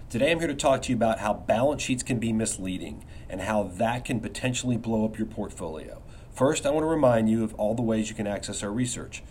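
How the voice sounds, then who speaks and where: A man's voice: mid-range voice, a little mellow, a little hiss or hum. Emphatic middle-aged man hosting a podcast. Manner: emphatic, conversational, asks rhetorical "you know what?". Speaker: podcast host, investment research firm founder. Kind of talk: casual podcast monologue.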